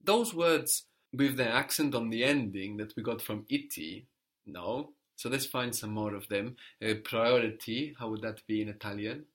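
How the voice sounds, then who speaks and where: Man, language teacher, patient, encouraging, step-by-step explanations, mid-pitched voice. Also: moderate pace, fairly bright tone. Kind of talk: interactive language lesson.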